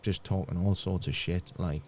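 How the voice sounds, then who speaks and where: Low-voiced man telling a painful story. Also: a little mellow. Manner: halting, repeats words, drops to a near-murmur. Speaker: podcast guest. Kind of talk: emotional personal storytelling.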